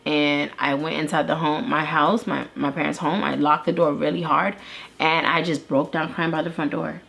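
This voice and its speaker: A woman's voice: sits low, flat delivery, moderate pace, vocal fry, a bit bright. A woman in her thirties, an interview guest earnestly telling her own story with many restarts. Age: 30s. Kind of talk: candid personal testimony.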